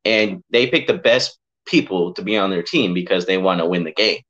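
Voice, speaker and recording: Heartfelt low-voiced man, muffled audio. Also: a little fast, a bit bright. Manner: heartfelt, emotional, preachy, says bro and man a lot. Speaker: podcast guest sharing testimony. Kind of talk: casual faith chat.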